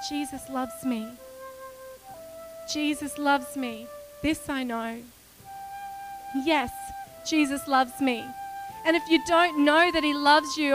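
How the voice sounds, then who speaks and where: A middle-aged woman pastor giving a heartfelt, tearful testimony and prayer in a church service, speaking softly with emotional swells. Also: high voice. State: crying a little.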